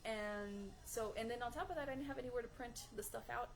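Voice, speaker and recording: Chatty woman vlogger, slightly high voice. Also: fairly quick, noisy background. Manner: chatty, animated, laughs often mid-sentence; heavy use of "like" and "you know" as fillers. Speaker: vlogger on manifesting. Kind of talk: casual storytelling to camera.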